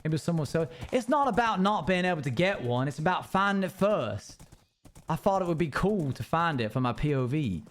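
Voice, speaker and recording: A man's voice: a little high, very animated, moderate pace. A man streaming a game live, chatting with viewers and grumbling in playful mock annoyance.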